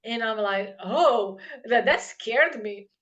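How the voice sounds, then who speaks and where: A woman in casual conversation, telling a personal story with lots of fillers and animated quoted voices. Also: on the high side, slow, lo-fi sound. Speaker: podcast host.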